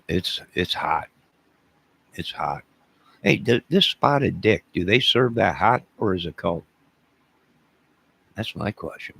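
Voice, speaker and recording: A man's voice: deep voice, gravelly, a bit bright, husky. A man from the American South hosting a casual live stream, rambling jokily and talking to his chat viewers by name.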